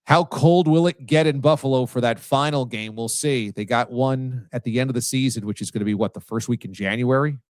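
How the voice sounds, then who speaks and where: A man with a medium-pitched voice talks a little fast with few pauses, recorded with no room sound. He hosts a live sports talk stream in a loose, joking style and reads viewer comments aloud.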